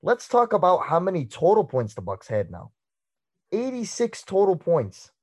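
A man's voice: high voice, huge pitch swings, normal speed, a little mellow. A young man co-hosting a podcast, smugly trash-talking in a sports debate. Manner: smug, teasing. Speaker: podcast co-host.

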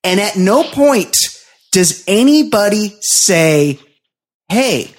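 A man's voice: on the high side, expressive, unhurried, husky. A man co-hosting a podcast in casual chat, heated and sweary, often chiming in to agree. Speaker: podcast co-host.

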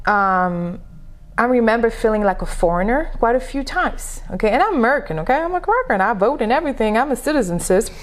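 A woman with a French accent, whose first language is French, chats as a podcast guest. Her voice sits a little high. She speaks emphatically and keeps checking in with her listener. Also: fast. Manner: animated, emphatic, asks "okay?" often. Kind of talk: casual interview chat.

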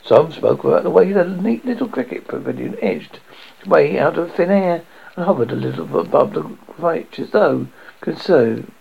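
A man's voice: a little high, expressive, normal speed, creaky, breathy edge. A man reading a story aloud, stumbling and restarting now and then. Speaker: audiobook reader. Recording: dull lo-fi audio.

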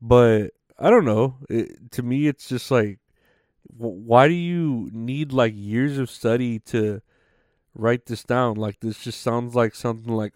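A man riffs loosely on a comedy podcast, cursing and trailing off with fillers. His voice is smooth and clear. It sounds dry and close, with no room echo. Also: medium pitch, a little slow, darkish tone. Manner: rambling, profane, full of fillers. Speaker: podcast host. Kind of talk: casual comedy podcast monologue.

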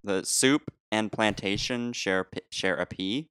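A man telling a long story in casual chat, animated, laughing often and restarting sentences. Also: fairly low pitch, unhurried, clean tone, dry recording, clean studio sound. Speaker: podcast co-host telling a story.

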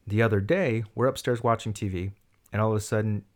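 A man in casual conversation tells a long, rambling story. He is animated and keeps slipping into quoted voices that leap in pitch and loudness. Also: quick pace. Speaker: storyteller in a chat.

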